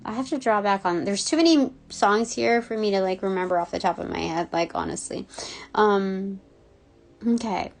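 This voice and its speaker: A woman's voice: mid-range voice, normal speed, creaky. A woman giving a casual intuitive reading, rambling with many fillers and giggles. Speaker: spiritual reader.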